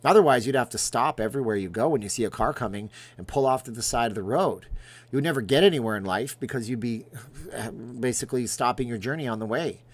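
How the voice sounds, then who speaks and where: A middle-aged man hosting a casual livestream, talking at an ordinary mid pitch. He rambles from one viewer comment to the next, tossing in jokes and asides as he goes. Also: fast. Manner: rambling, jokey, reacts aloud to viewer comments. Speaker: livestream host reading chat.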